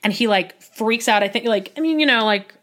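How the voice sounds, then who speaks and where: A woman's voice: on the high side, brisk, fairly bright tone. A woman hosting a solo podcast, recapping casually and rambling with lots of filler words, restarts and wry asides. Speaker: podcast host recapping a reality show.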